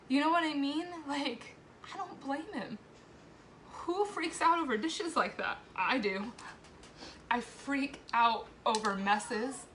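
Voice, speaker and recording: Emotional woman crying a bit while talking, bright voice, cusses and laughs a lot, faint hiss behind. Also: high voice. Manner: candid and emotional, swearing, frequent laughs. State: tearful. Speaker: mother sharing a personal testimonial. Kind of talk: emotional live video confession.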